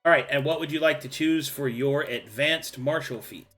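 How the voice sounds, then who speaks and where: Male game master, bright energetic voice, playful hype-man delivery over quiet music. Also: on the high side, moderate pace. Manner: playful, hypes up the players. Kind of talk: running a tabletop game.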